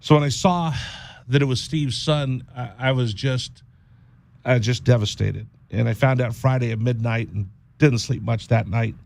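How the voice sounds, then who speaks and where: A man hosting a radio show, speaking in a halting, heartfelt monologue, often repeating words and close to tears. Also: mid-range voice, creaky, darkish tone. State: teary-eyed. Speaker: radio host.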